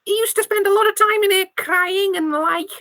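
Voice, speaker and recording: A woman voicing a tiny, cheeky male Christmas mouse in a tabletop role-play, with a rapid, gossipy manner and an attempted Scouse accent. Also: extremely high pitch, bright, forceful tone, dry recording, pitched above the performer's own voice, full character voice.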